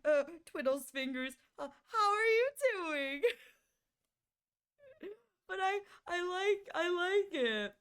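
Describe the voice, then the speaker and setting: A woman's voice: very high voice, lively intonation, slow pace, long pauses, a bit bright. A woman streamer chatting casually and playfully with her viewers, rambling, giggling and restarting her words.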